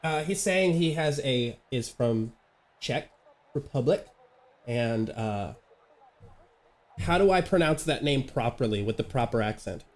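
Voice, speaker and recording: A man's voice: medium pitch, animated, measured pace, pauses often. A young man streaming sim racing late at night, chatting casually and laughing, with stumbling restarts. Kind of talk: casual live-stream chat. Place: home gaming setup, late night.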